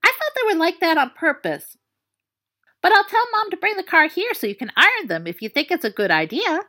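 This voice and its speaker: A woman's voice: very high voice, big pitch swings, fairly quick, pushed and bright, voice pushed up, full character voice. A woman reading the part of a cheerful, naive teenage girl who explains things earnestly in long run-on sentences.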